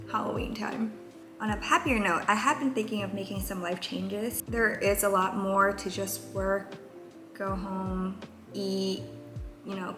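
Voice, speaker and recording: Young woman in her 20s rambling candidly for her vlog, lots of ums, echoey room w faint music. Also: medium pitch. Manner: candid, rambling, many fillers. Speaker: vlogger. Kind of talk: casual confessional vlog. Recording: roomy echo, faint music.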